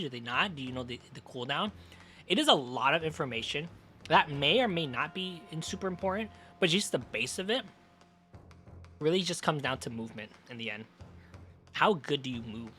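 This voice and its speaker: A man's voice: mid-range voice, animated, brisk, sharp tone, soft background music. A man streaming and chatting casually about games, rambling and swearing freely.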